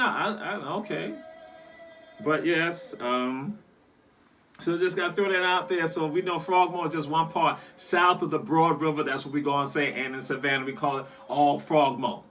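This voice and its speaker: A man from the South Carolina Lowcountry talking casually about local sayings, animated and teasing, repeating words for emphasis and laughing often. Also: normal speed, far from the mic. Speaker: cultural commentator.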